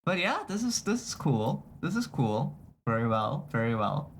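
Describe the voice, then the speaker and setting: A man's voice: mid-range voice, sing-song, normal speed, slight background noise. A young man streaming, chatting casually, reacting to chat and repeating and restarting his phrases as he goes. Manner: reacts to chat messages aloud.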